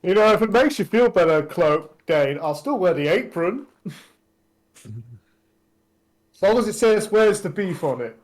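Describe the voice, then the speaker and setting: A man playing a tabletop game, jokey and quick to chuckle as he teases the others. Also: sits high, expressive. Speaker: player. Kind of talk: playful table talk.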